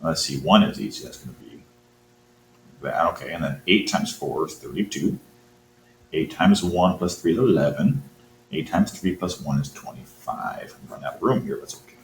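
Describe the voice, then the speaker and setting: A man's voice: rumbling low, lively intonation, moderate pace, vocal fry. A man teaching math, thinking aloud as he works through a quiz problem and encouraging his students. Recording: roomy with faint hum.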